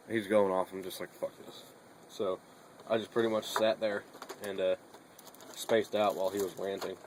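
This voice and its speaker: A man's voice: sits low, level tone, moderate pace, darkish tone, a little hiss or hum, poor audio. A young man chatting casually in a bedroom vlog, rambling and swearing a lot between fillers. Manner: rambling and profane, with many fillers.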